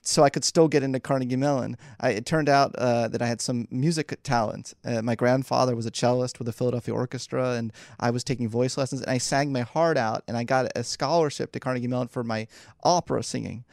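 Brief: man, podcast guest, lively storyteller, laughs a lot, dry close sound. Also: medium pitch, fast talker, creaky, no room sound. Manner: animated, laughs often, acts out quotes. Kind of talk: casual interview storytelling.

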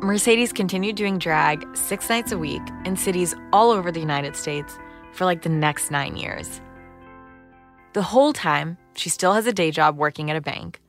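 A woman hosting a podcast, reading a scripted narration in an even, measured way. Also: on the low side. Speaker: podcast host. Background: music.

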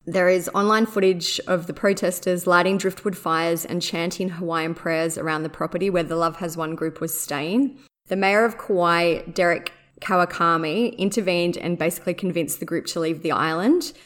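Woman podcast host, lowish voice, casual wry storytelling. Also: steady tone, normal speed. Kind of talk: true-crime podcast narration.

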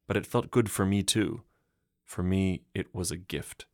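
A man reads a literary short story in a calm, measured voice. His tone sits very low. The recording is close and dry, with no room sound. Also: no echo. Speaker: narrator and translator. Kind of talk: audiobook narration.

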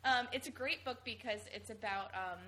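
A woman's voice: fairly high pitch, a little fast, sharp tone, slight background noise, poor audio. A woman in casual podcast chat, talking in a chatty, self-deprecating way.

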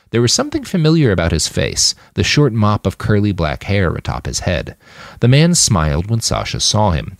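A man reading his own fiction aloud with an expressive storytelling delivery, close to a dry studio mic. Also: on the low side, dry recording. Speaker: narrator.

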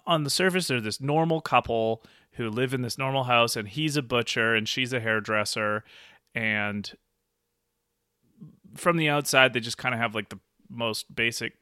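A man co-hosting a podcast in casual conversation, animated and quick to laugh, often acting out quoted lines. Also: lowish voice, no echo, clean studio sound. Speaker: podcast co-host.

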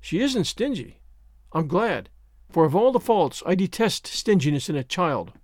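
A man's voice: high-pitched, big pitch swings, a little mellow, no room sound, clean studio sound. A man doing a stern, scolding older woman. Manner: brisk and scolding.

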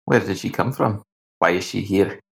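A man plays a tabletop game, speaking bluntly and gruffly in character. His voice sits very low with a gravelly fry. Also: moderate pace, fairly bright tone. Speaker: player.

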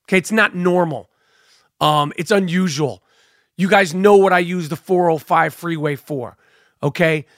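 A middle-aged man, hosting a podcast and telling a profane, animated comic story that acts out the other voices. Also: on the high side, measured pace, no room sound, clean studio sound. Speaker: podcast host.

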